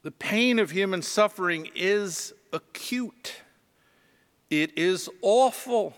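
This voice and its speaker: A man, a pastor, preaching a sermon and telling stories in a slow, reflective way. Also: sits high, fairly bright tone, clear, resonant tone, big-room sound. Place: church.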